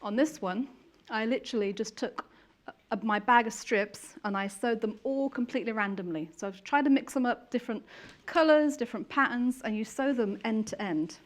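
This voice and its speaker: A woman's voice: fairly high pitch, normal speed. A young woman chatting casually while she demonstrates quilting steps. She explains each step in a friendly, plain way.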